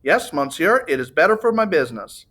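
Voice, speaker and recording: A man's voice: fairly high pitch, very animated, brisk, a bit bright. A man voicing a voluble, boastful Italian car salesman who talks on and on. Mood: eager. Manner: gushing, eager, talks on and on.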